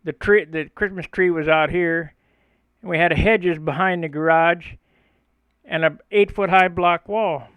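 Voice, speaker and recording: An older man with a fairly high voice takes his time, rambling through memories between steps of his model airplane build. The sound is close and dry, with no room around it. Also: fairly even intonation, measured pace, clean tone, no room sound, phone-quality sound. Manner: rambling, chuckling storyteller. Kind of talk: casual storytelling while building.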